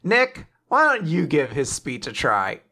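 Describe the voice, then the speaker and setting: A young man talks through an anime episode with a friend in casual podcast chat. His voice sits a little high and sounds bright. He keeps jumping into quick character voices as he retells scenes. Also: vocal fry. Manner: animated retelling, acting out lines in quick voices. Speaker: podcast host recapping an anime.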